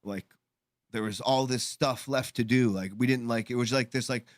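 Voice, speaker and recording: A man co-hosting a live call-in show, telling a long story in casual chat, halting and restarting often. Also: mid-range voice, fairly even intonation, no echo, clean studio sound. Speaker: podcast co-host.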